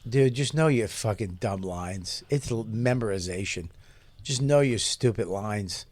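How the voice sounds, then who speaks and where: A man's voice: lowish voice, animated, unhurried, a little mellow. A man co-hosting a comedy talk show, ranting in a profane, exasperated way. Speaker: co-host. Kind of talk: casual comedic chat.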